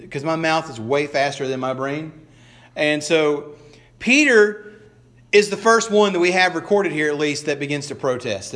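A male pastor with a fairly high, fairly bright voice preaches a sermon conversationally. He often restarts phrases and acts out the quoted lines of the people he describes, giving them voices.

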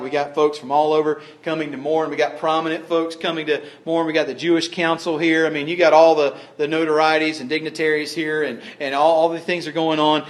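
A man preaching a sermon as pastor, folksy and repeating phrases for emphasis, swinging between hushed tones and loud declarations. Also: on the high side.

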